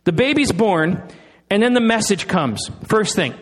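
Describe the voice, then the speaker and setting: Middle-aged guy preaching, kinda high voice, slows way down on the big lines. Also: very animated. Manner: dramatic pauses, slowing on key phrases. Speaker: pastor. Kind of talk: sermon.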